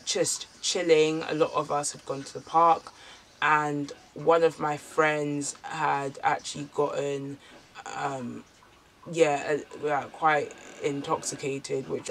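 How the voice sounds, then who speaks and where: A woman's voice: low-pitched, slight background noise. Chatty young woman telling a story. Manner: candid, chatty storytelling with filler words. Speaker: vlogger. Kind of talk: casual storytime vlog.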